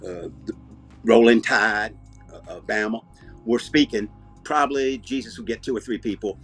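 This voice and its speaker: A man with an Alabama Southern accent, hosting a comedy show and rambling deadpan through comic banter. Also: fairly low pitch, normal speed, husky, faint music behind. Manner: rambling, deadpan, self-interrupting.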